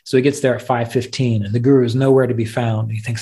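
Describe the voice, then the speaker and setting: A man's voice: mid-range voice, little pitch movement, quick pace, warm tone. A man hosting a podcast, teaching meditation in a reflective, conversational way and telling stories with plain fillers. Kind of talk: spoken teaching talk.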